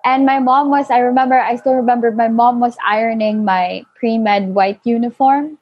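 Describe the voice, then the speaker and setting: A young woman telling a personal story in casual chat, full of fillers and animated quoting. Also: a little high, moderate pace, dry recording. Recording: dull lo-fi, dry.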